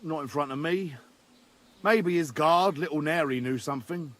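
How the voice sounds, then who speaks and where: A man's voice: fairly high pitch, moderate pace, a bit bright, close to an everyday voice. A man playing a frightened, pleading game character. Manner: pleading, stammering. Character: frightened male game character begging for release. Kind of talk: game voice acting.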